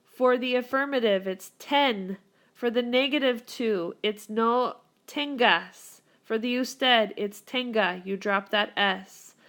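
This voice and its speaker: A Spanish teacher records a whiteboard grammar lesson, upbeat and encouraging as she guides her students through the rules. Her voice is fairly high and a bit bright, and she speaks slowly.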